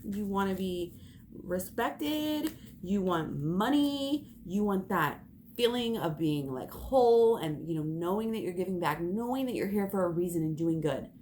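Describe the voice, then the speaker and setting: Young woman tarot host, low-pitched, emphatic and fervent, faint background hiss. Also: expressive, moderate pace, a little mellow. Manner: fervent and emphatic, swearing and laughing. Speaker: tarot reader. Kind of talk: spiritual pep talk to camera.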